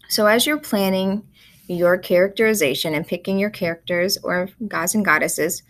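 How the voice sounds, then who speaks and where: A woman teacher giving a recorded writing lesson, explaining in a calm, measured way. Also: lowish voice.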